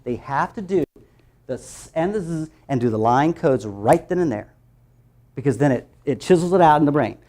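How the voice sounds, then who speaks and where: A man training teachers in a workshop, talking lively and sounding out letter sounds for them. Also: a little high, normal speed. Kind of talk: workshop presentation.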